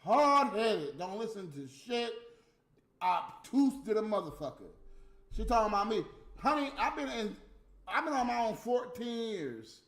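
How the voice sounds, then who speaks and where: A man ranting in profane, casual talk to his viewers, swinging from low muttering to loud outbursts. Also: sing-song, moderate pace. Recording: roomy echo, faint music behind.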